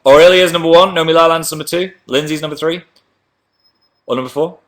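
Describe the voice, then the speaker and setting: A man's voice: fairly high pitch, steady tone, a little fast, fairly bright tone. A man hosting a casual livestream, reading viewer messages aloud and rambling in a chatty, self-deprecating way. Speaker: livestream host.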